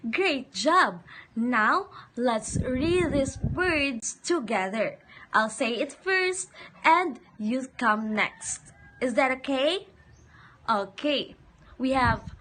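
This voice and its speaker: A woman teaching a phonics lesson to young children, saying each word slowly and repeating it for the class to echo. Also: high voice, lively intonation, bright, forceful tone, slight background noise.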